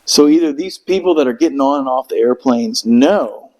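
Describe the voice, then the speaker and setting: In poor-quality audio, a middle-aged veteran with an expressive, medium-pitched, darkish voice tells a long war story at normal speed during a casual podcast chat. He curses freely and rambles, breaking into the voices of the people he describes.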